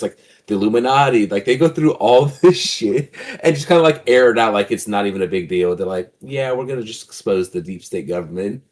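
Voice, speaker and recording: Laid-back low-voiced young man. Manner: laid-back, swears often, rambling. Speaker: podcast co-host. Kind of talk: casual chat.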